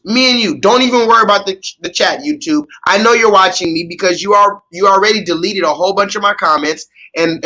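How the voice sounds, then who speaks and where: A man's voice: high voice, bright, forceful tone, poor audio. A man hosting a live stream, ranting in a sarcastic, mock-pleading and profane way. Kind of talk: livestream commentary rant.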